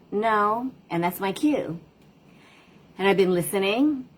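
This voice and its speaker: A woman's voice: medium pitch, measured pace. A middle-aged woman and parent coach, talking casually and reflectively in a livestream. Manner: reflective, conversational, tells stories about her daughters.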